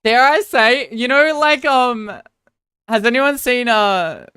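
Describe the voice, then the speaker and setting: Smooth-voiced rambling Australian woman streamer. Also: fairly high pitch, slow pace, a bit bright, no echo, clean studio sound. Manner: rambling, self-mocking, answers viewers' chat between game moments. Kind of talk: casual live-stream chat.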